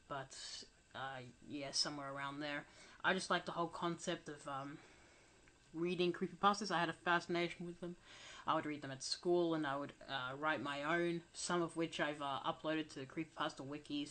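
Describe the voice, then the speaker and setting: A woman's voice: sits low, a bit bright. A young woman giving a casual audio commentary, mumbling and hesitant as she recovers from being sick. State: recovering from illness. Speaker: channel host. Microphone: home desk microphone.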